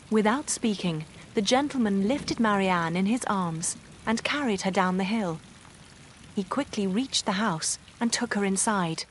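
A woman narrating a storybook with clear, even storytelling. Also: mid-range voice, a little hiss or hum. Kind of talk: storybook reading.

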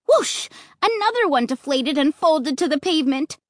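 A woman reading a children's story aloud, expressive and lively, acting out the dialogue. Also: high-pitched, moderate pace, dry recording, studio quality. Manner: lively, voicing dialogue with rising excitement. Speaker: audiobook narrator.

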